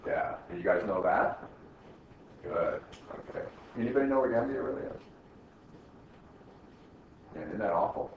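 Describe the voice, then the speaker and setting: A man's voice: low voice, animated, moderate pace, creaky, pauses often. Joking man lecturing a class. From United States. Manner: quizzes the class with constant tag questions, teasing jokes. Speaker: accounting instructor. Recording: echoey classroom from far off, muffled, faint hiss.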